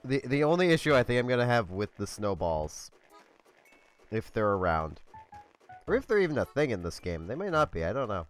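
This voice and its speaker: A man's voice: medium pitch, big pitch swings, brisk, clear, resonant tone, soft background music. A congested man casually commentating his video game play in a chatty, meandering way. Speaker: let's play host.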